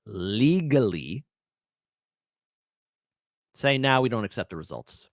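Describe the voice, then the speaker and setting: Animated sarcastic male political commentator. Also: medium pitch, fairly quick, no echo, clean studio sound. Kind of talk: livestream commentary.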